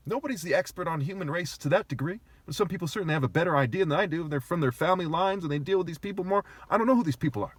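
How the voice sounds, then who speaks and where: A man with a high, husky voice delivers an aggrieved, argumentative monologue to his viewers, peppered with swearing. The sound is close and dry, with no room echo at all. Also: racing, few pauses. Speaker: vlogger. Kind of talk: agitated ranting monologue.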